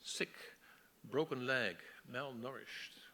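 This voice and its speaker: A man's voice: medium pitch, slow, sharp tone, a little hiss or hum. A man voicing a pompous, self-important male doctor who thinks he knows everything. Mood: lofty.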